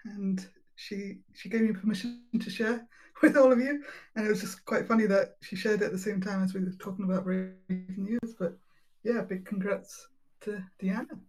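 A woman's voice: medium pitch, fairly even intonation, normal speed, darkish tone, rough recording. A woman from the community team chatting casually with frequent laughs and fillers. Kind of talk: casual live chat.

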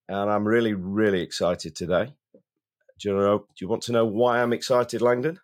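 A man's voice: lowish voice, steady tone, moderate pace. Chatty man with a cold. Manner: chatty, repeats words while starting sentences. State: has a cold. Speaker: podcast co-host. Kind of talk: casual chat.

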